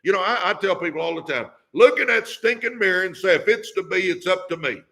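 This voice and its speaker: A man's voice: sits high, animated, quick pace, creaky, sharp tone. An older man hosting a motivational talk, fired up and preachy, repeating catchphrases and urging listeners on. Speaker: podcast host. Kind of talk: motivational live-stream talk.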